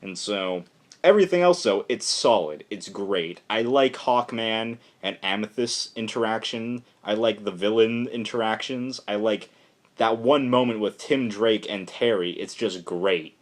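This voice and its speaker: A man casually reviewing a comic book issue for a vlog, rambling and excitable, filling his talk with "like" and "just". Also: fairly low pitch, unhurried.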